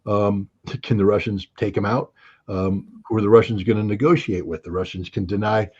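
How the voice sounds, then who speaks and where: A man's voice: on the low side, steady tone, moderate pace, a little mellow, husky, muffled recording. A man speaking as an interview guest, blunt and sardonic in casual talk. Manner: blunt, sardonic, with short laughs.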